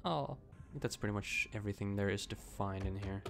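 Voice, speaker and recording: A streamer reacting live to a game, swearing constantly, whose voice jumps to squeaky highs when startled. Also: lively intonation, brisk, gravelly, soft background music.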